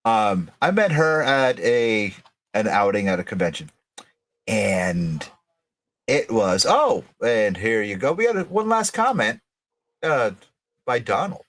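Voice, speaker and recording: A middle-aged man hosting a podcast live stream, excitable and rambling, with lots of restarts. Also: on the low side, takes it slowly. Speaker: podcast host. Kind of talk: casual live-stream chat.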